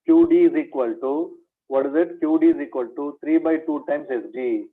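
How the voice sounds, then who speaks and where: A man whose voice sits on the high side leads a maths revision lecture for an exam at normal speed, captured in phone-quality sound. Rhetorical questions, repeated key points, and the address "my dear" run through his teaching.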